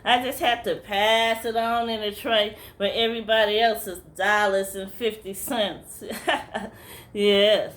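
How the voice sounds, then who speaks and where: A woman's voice: medium pitch, flat delivery, fairly bright tone. A middle-aged woman telling a comic story, answering herself with little affirmations as she goes. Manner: slow drawl, answering herself with "yes, it is" and "mm-hmm".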